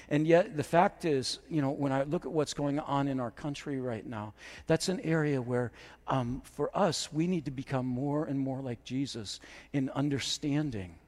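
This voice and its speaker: A man's voice: medium pitch, darkish tone. Man preaching in an echoing hall. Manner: conversational and self-deprecating, building to emphatic preaching. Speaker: pastor. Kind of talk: sermon. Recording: long reverb of a large hall.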